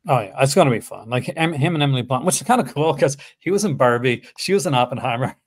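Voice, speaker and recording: A man hosting a casual livestream chat about films, talking in a halting way full of restarts. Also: medium pitch, animated. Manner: hesitant, full of fillers and restarts. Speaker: host.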